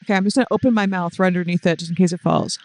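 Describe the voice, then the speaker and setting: A woman's voice: on the low side, rapid-fire, a little mellow. A woman playing in a tabletop game, giggly and playful in banter with the group. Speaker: player.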